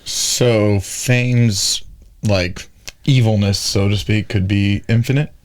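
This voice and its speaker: A man's voice: lowish voice, steady tone, takes it slowly. A man co-hosting a podcast, talking in a rambling, jokey way and searching for words in a casual discussion. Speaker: podcast co-host.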